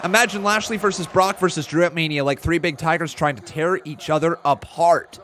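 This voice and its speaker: A man commentating live as a streamer, chatty and excitable, reading chat messages and breaking into loud chants. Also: a little high, brisk. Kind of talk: live watch-along commentary.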